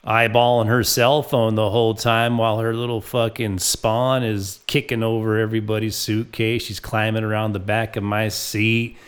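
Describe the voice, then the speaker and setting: A man's voice: lowish voice, little pitch movement, moderate pace, hardly any pauses, smooth. A man hosting his own comedy show, telling rambling, profane stories about his past. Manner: profane, rambling storytelling with acted quotes. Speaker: comedic podcast host. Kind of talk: crude comic monologue.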